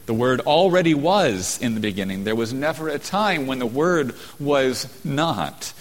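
A man preaching a sermon, slowing down to stress key phrases and building emphasis. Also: medium pitch, expressive. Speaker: pastor. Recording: long hall reverb.

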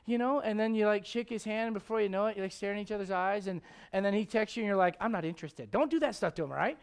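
A middle-aged man preaching a sermon to a congregation, animated and joking with the crowd, quoting God and people in playful voices. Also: sits high, fast talker, vocal fry, smooth. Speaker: pastor. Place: church.

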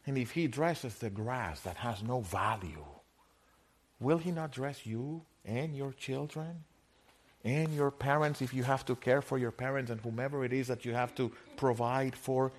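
A middle-aged man preaching a sermon in a conversational way, laughing often and swinging from quiet, slow lines to loud, emphatic ones. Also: medium pitch, expressive. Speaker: pastor.

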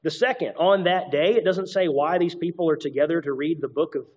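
A man's voice: a little high, a little fast, a little mellow, muffled recording. A man preaching an expository sermon, reading scripture aloud and adding conversational asides. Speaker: pastor.

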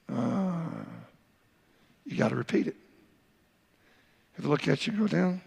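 A man's voice: a little high, a little slow, creaky, long pauses, husky, long reverb tail. A man, the pastor, preaching a sermon, reading Bible verses aloud and acting out a father's talk with his son. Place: church sanctuary.

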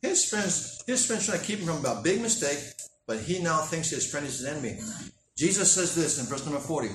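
A man preaches with a lively, swooping voice that sits a little high, acting out little scenes. He is heard from a distance in an echoey room. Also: brisk, background noise. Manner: animated, acts out dialogue in character voices. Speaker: pastor. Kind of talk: sermon.

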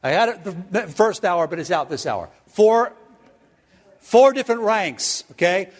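A man's voice: high-pitched, expressive, measured pace, in a large hall. A man preaching a sermon, emphatic, spelling out words and checking in with his listeners.

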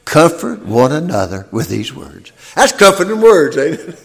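Folksy preacher in a reverberant church. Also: male voice, big pitch swings, measured pace, creaky. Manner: folksy, plain-spoken storytelling that swells into loud, high-pitched preaching. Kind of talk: sermon. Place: church sanctuary. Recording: long reverb of a church hall.

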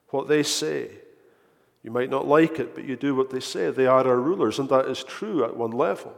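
A man's voice: medium pitch, moderate pace, gravelly. A man preaching a sermon in earnest tones, often repeating words as he builds a point, recorded in a church. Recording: echoey hall.

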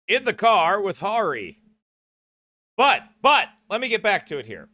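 In a dry recording, a broadcast host with a sharp-toned, mid-range voice rambles along casually. He keeps asking "okay?" or "right?" and often breaks into laughter while speaking.

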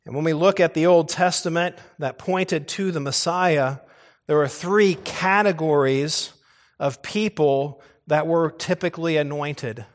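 A man's voice: fairly high pitch, unhurried. A male pastor preaching a sermon earnestly, pressing hard on key words and now and then restarting a phrase. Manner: occasional restarts and repeated phrases.

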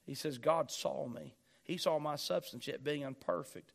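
Man, pastor, sermon, raised voice on key lines, fairly high pitch. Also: moderate pace, vocal fry. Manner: preaching with rising emphasis, repeating key phrases.

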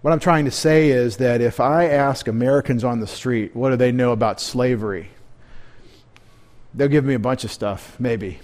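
A man's voice: mid-range voice, normal speed, a little mellow. A man preaching a midweek sermon as pastor, talking conversationally, asking the congregation questions and adding joking asides.

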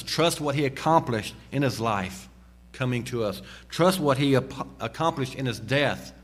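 Male pastor delivering a sermon; emphatic, mid-pitched, big swings between low deliberate lines and high urgent calls. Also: fairly bright tone. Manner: emphatic, slows and drops low on key phrases; rises sharply in pitch and volume when exhorting.

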